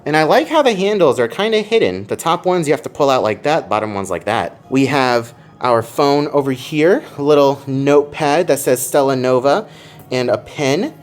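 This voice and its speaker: A chatty man walks through a hotel room for his theme park vlog. He talks casually and gets excited easily, and his voice leaps up whenever something catches his eye. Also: moderate pace. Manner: chatty, easily excited, jumps up in pitch when surprised.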